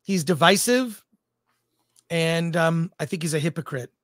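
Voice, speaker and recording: A man's voice: a little high, animated, measured pace, fairly bright tone, dry recording, clean studio sound. A man co-hosting a film talk livestream, joking and reading viewer comments aloud. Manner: talkative, jokey, reads chat aloud. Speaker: co-host of a film talk show. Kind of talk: casual livestream chat.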